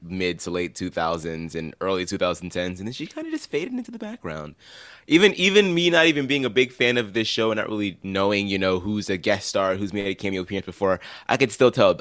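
A man's voice: on the low side, very animated, a little fast, a bit bright, dry recording, studio quality. A man guesting on a TV podcast, chatting in an upbeat way. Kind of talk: casual chat.

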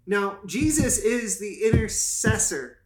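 High-voiced pastor teaching with playful energy. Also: male voice, sing-song, slow pace, heavy background noise. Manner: playful, enthusiastic teacher who jokes and explains. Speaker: pastor and podcast co-host. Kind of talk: casual Bible teaching chat. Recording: roomy echo.

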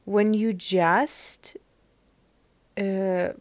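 A woman's voice: medium pitch, steady tone, very slow, a little mellow, no room sound. A woman with a Russian accent, a native Russian speaker, hosting a casual solo podcast. She rambles and searches aloud for words. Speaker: podcast host.

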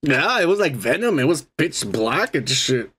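A young man co-hosting a podcast, talking crudely and boastfully in a casual drunk chat with a raspy voice. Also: a little high, sing-song, normal speed, a bit bright. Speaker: podcast co-host.

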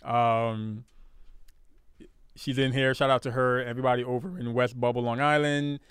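A man's voice: medium pitch, little pitch movement, moderate pace, a bit bright, clean tone, dry recording, studio quality. A young man casually hosting a live stream with his fiancée, teasing her and greeting viewers, often repeating words as he talks. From Guyanese heritage.

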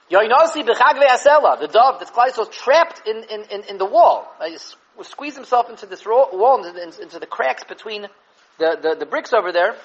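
A man giving an animated Torah class on the weekly portion, mixing Hebrew and Yiddish terms into English and repeating words as he thinks. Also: high voice, muffled recording. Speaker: Torah teacher.

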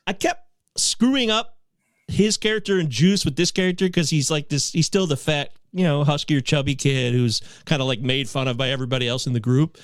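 A man casually chatting on a movie podcast, rambling and animated, swearing now and then. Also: fairly high pitch, fairly quick, clean tone, dry recording, clean studio sound. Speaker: podcast host. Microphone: sharing a podcast mic.

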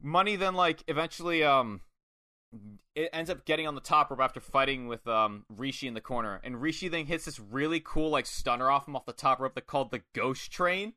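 Bright-voiced man recapping a match. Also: mid-range voice, brisk, no room sound, studio quality. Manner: animated, quotes wrestlers in put-on voices. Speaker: podcast co-host. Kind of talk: casual wrestling recap chat.

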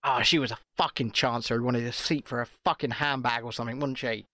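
A British man telling a story in casual, animated chat, swearing often. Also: mid-range voice, quick pace. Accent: British English.

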